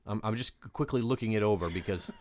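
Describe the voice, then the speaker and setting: A man's voice: lowish voice, quick pace, dry recording. A man co-hosting a radio-style podcast, talking in a playful, chatty way with plenty of fillers. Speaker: podcast co-host. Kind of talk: casual chat.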